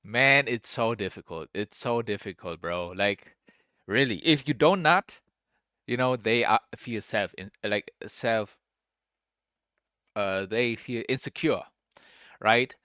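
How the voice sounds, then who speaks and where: A man's voice: lowish voice, slow pace, long pauses, sharp tone, clear, resonant tone, no room sound, studio quality. A young man giving casual, rambling commentary as a streamer reacting to a clip, restarting his sentences often and calling everyone "bro". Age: young adult.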